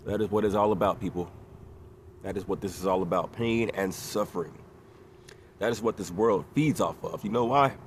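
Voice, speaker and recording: A man with a very low, deep voice and a stuffed-up nose, preaching in a rambling, insistent monologue. He talks over a faint hum of passing vehicles. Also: steady tone, normal speed. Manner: preachy, rambling, grows louder and more urgent. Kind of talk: impassioned monologue.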